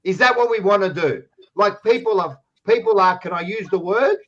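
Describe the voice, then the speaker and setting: A high-voiced Australian man who rants hard and swears freely through a football argument. His voice comes through a dull, muffled recording. He talks bluntly and keeps pushing his point. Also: normal speed, fairly bright tone. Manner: blunt, swears a lot, ranting. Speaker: podcast co-host. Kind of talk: heated footy banter.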